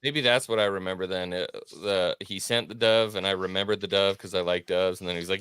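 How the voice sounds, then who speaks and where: A man's voice: low-pitched, fairly even intonation, fairly quick, few pauses, a bit bright, clean tone, dry recording. A man joining a live podcast chat, making sarcastic jokes in casual banter. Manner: joking, sarcastic.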